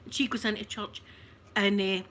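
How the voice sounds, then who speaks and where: A Scottish woman telling a funny family story on her livestream, chatty and animated, often breaking into laughter. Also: medium pitch, moderate pace, a little hiss or hum. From Scotland. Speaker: ASMR livestream host.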